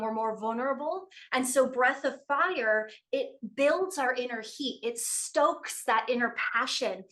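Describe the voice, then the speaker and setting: A Canadian woman, a yoga teacher, calmly explaining breathing practices as a podcast guest. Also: high voice. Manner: calm, explanatory, steady guidance with frequent affirming replies. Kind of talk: podcast conversation.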